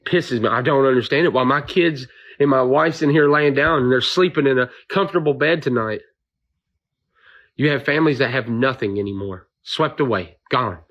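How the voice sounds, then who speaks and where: A man's voice: medium pitch, moderate pace, fairly bright tone, muffled recording. An emotional man, venting in a frustrated, pleading rant about being told to stand down. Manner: frustrated, pleading, repeats himself. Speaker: volunteer with drones and trucks. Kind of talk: impassioned video rant.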